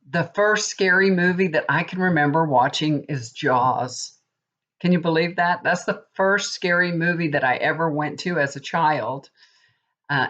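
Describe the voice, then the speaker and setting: A woman's voice: lowish voice, a bit bright. A woman in her fifties, a tarot reader and psychic, rambling in casual chat to camera and getting worked up as she talks. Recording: dull lo-fi recording.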